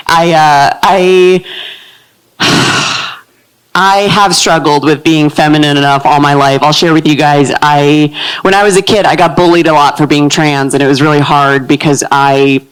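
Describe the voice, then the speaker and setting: A woman in her thirties with a low, manly-sounding voice, performing a live stand-up set in a comedy club with a deadpan delivery. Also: a little slow, clean tone, low-quality recording. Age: 30s.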